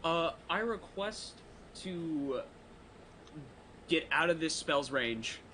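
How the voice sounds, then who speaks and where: A man's voice: a little high, lively intonation, slow pace, bright, forceful tone, slight background noise, poor audio. A man playing in a tabletop game, hesitant and stammering, swearing freely. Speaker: player. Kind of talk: casual tabletop play.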